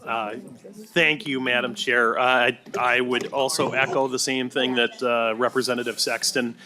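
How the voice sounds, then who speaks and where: Guy rep at a hearing, lots of uhs, bright voice, kinda monotone. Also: mid-range voice. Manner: halting, many uh fillers. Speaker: state representative. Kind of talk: formal remarks at a hearing.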